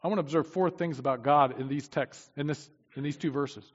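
A man's voice: fairly quick, husky. Emphatic male preacher in a reverberant hall. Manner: emphatic, swings from loud declarations to low asides. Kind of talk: sermon. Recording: dull, long-reverb hall sound.

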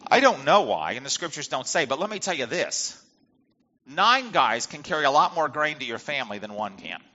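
A man teaches the Bible verse by verse, reading passages and explaining them conversationally with rhetorical questions. His voice sits a little high, swings widely in pitch, moves fairly quickly, and has a sharp tone. The recording is dull and lo-fi, with long hall reverb.

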